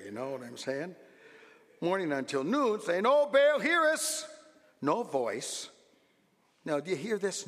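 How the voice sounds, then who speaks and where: A man preaching a sermon as a pastor, swinging from low asides to loud, animated exclamations. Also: long reverb tail.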